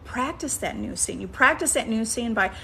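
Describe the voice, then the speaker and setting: A woman's voice: fairly high pitch, expressive, normal speed, gravelly, bright, forceful tone, a little hiss or hum. A woman giving a casual coaching talk as a manifestation coach, coaxing her listeners and checking in with frequent "okay?" and "right?". She often restarts sentences while thinking aloud.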